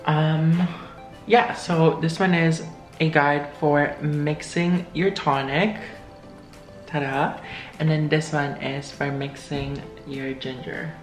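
A hyper vlogger unboxing a gift package, gasping and giggling between excited exclamations. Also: male voice, a little high, slow pace. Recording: roomy, distant from the mic, with music.

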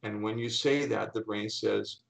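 A middle-aged man, a coach and speaker, telling animated anecdotes in an interview and acting out the people he quotes. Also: on the low side, measured pace, vocal fry, background noise. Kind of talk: storytelling in an interview.

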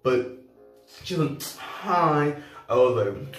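A young man telling a casual storytime, slangy and animated, acting out both sides of the conversation. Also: on the high side, unhurried. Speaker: vlogger. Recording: echoey room heard from a distance, faint music.

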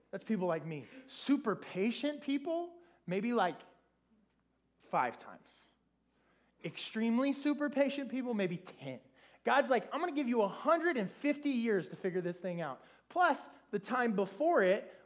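A man preaching a sermon in a conversational, animated way, with playful asides and retold dialogue. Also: sits high.

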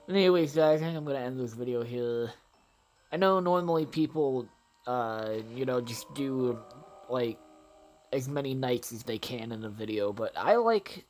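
A man giving profane, excitable let's play commentary and talking straight to his viewers. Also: medium pitch, a little hiss or hum. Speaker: gaming channel host.

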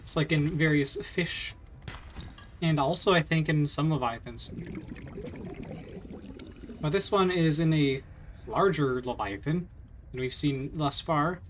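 A man giving relaxed, rambling commentary over his video game. His voice sits a little high, and he fills pauses and chuckles as he talks. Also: slight background noise. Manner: chatty, rambling with fillers and little laughs. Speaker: let's play host. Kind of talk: casual gameplay commentary.

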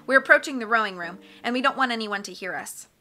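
A woman's voice: fairly high pitch, lively intonation, quick pace, pushed and bright, faint music behind. Woman doing a shady hook-handed henchman guy, bossy and clipped. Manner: curt, commanding.

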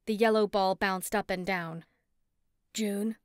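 A woman narrating a first-person story in an expressive, steady audiobook read on a close mic. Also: medium pitch, normal speed, clear, resonant tone, no room sound.

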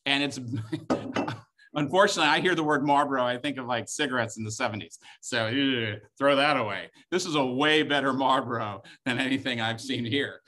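Guiding viewers wine by wine, a middle-aged instructor hosts a live-streamed tasting, full of chatter and jokes. He has a mid-range voice and a brisk, sharp delivery, with slight background noise behind him.

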